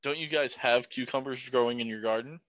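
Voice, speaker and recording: A young man on a casual podcast, his voice bright and recorded close and dry. He teases and cracks crude jokes in an easy, middle-pitched tone. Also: fairly quick, dry recording, muffled recording. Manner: teasing, crude jokes, wisecracks. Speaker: podcast co-host.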